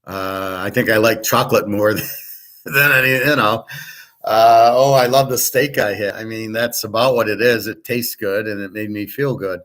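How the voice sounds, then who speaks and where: A man's voice: fairly low pitch, fairly even intonation, moderate pace, fairly bright tone. A man hosting a show in a casual, rambling monologue, blunt and profane, often restarting his sentences. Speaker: show host.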